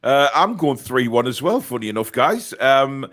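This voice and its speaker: A man hosting a football podcast, chatty and quick to laugh, reading out listener comments and match statistics. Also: medium pitch, sing-song, fairly bright tone. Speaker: podcast host. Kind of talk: casual chat.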